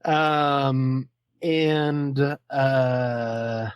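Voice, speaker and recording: Male guest critic, hesitant and unhurried, mid-pitched voice, dry recording. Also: steady tone, clear, resonant tone, no echo. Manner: halting, hesitant, restarts words. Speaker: podcast guest, film critic. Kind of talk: casual film review chat.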